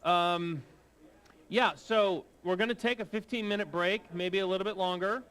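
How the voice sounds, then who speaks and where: A man's voice: high voice, normal speed, a bit bright, clear, resonant tone. A man hosting a convention, making announcements in a jokey, informal way. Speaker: show host. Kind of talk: event announcements. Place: convention hall.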